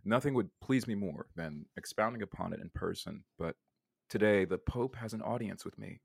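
A man reading a letter aloud in a put-on smooth, silky, pompous voice for a suave male writer. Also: on the low side, no room sound, studio quality. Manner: grandiloquent, slow and smooth.

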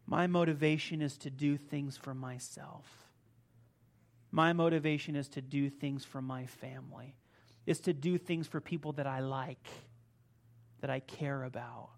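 A man's voice: mid-range voice, steady tone, a little slow, creaky. A man preaching a sermon, reading scripture aloud and commenting on it, talking emphatically and straight to his listeners.

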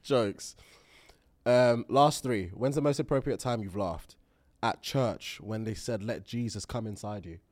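A young man, co-hosting a podcast, often laughing and quickly backing up his friend. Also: fairly low pitch, a little mellow. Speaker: podcast co-host. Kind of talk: casual chat.

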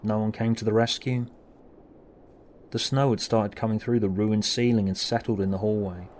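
Low-voiced man narrating a horror story. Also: steady tone, a little mellow, a little hiss or hum. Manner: measured, dramatic. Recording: narration over music.

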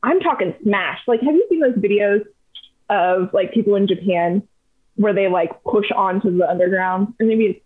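A young adult woman guesting on a podcast, telling travel stories in an animated, chatty way with plenty of fillers. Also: mid-range voice, moderate pace, husky. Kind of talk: casual storytelling chat. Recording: tinny phone-like sound.

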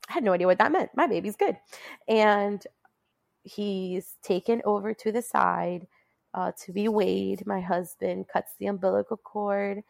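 Speaking a little slowly in a creaky mid-range voice, with no room sound, a woman guests in a casual conversation. Her personal story comes out chatty and full of laughter, climbing into animated quotes.

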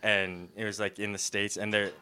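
A man's voice: fairly low pitch, level tone, moderate pace, sharp tone, clean tone. A young man in casual chat, telling a rambling story and laughing often.

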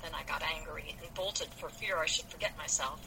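A proud young man, hot-tempered and defiant, refusing to be lectured, as a woman reads him aloud from a novel. The voice sits low and the line comes with a steady hiss of noise behind it. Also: moderate pace, creaky. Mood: indignant. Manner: indignant, defiant.

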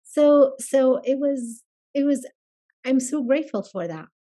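A woman professor as a podcast guest, speaking thoughtfully and pausing often to find her words. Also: high voice, animated, mellow. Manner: thoughtful, searching for words with pauses. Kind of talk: casual conversational interview.

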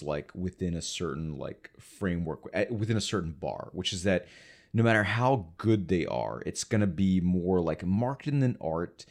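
A man with a very deep, low-pitched voice talks films in a relaxed chat. He hesitates, restarts and fills his sentences with "like" and "you know". When he gets going he turns blunt and swears freely. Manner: hesitant, many fillers and restarts; profane, blunt. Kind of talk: casual film discussion.

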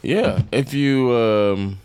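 A man from Miami co-hosting a podcast in casual chat, telling stories with lots of laughter and jumping high when quoting others. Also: very slow, clear, resonant tone, no room sound, studio quality. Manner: animated storyteller, jumps high when quoting people, laughs often. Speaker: podcast co-host.

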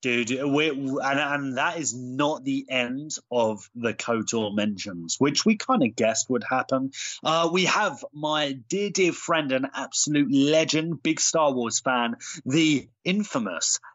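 A man's voice: medium pitch, takes it slowly, fairly bright tone, dry recording. A man co-hosting a fan podcast in easy, chatty talk, full of "like" and "you know" and plainly enthusiastic. His voice sits mid-range, recorded dry with a slightly dull, muffled tone. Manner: enthusiastic, chatty, lots of fillers. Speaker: podcast co-host. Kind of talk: casual chat.

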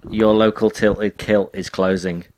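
A man's voice: on the low side, flat delivery, unhurried, a little mellow, slight background noise. A man from England in casual podcast chat, telling stories with dry asides.

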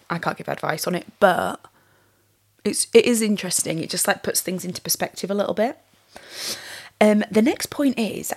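A young woman hosting a solo podcast, talking candidly and casually with plenty of fillers and swearing. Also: mid-range voice. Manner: candid, chatty, swears freely, many "like" fillers. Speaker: podcast host.

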